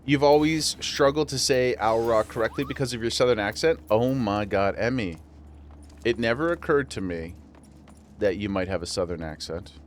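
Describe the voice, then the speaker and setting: A man from western New York streams a game, chatting casually and laughing frequently in that region's accent. His voice is mid-range at a normal speed, and a little hiss or hum can be heard.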